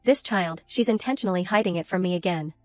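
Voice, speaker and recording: A woman reading a gentle old grandmother. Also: on the low side, fast, faint music behind, lightly acted. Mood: tender. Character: older grandmother, gentle and loving.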